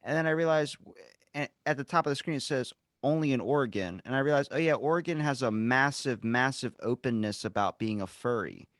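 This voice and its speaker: A man's voice: medium pitch, expressive, a little fast, a bit bright, no echo, studio quality. An American man in casual podcast chat, ranting with heated, profane emphasis. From United States. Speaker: podcast guest or co-host.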